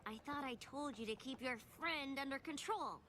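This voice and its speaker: A woman voicing a timid, gentle pony in a cartoon, soft and earnest. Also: sits high, normal speed, close to an everyday voice. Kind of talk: cartoon voice acting. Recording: loud music behind the voice.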